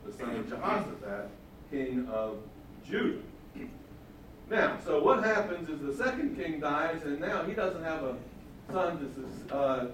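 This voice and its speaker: A man teaching the Bible in a conversational sermon, with casual, chuckling asides and questions to the listeners. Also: fairly high pitch. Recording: echoey hall from far off, faint noise.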